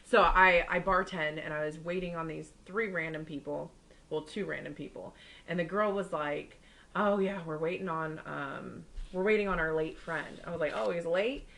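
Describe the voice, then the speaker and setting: This podcast co-host is a young woman with a steady, creaky, slightly bright voice at normal speed, heard over poor audio. In casual chat she tells stories and voices the people in them with big leaps in pitch.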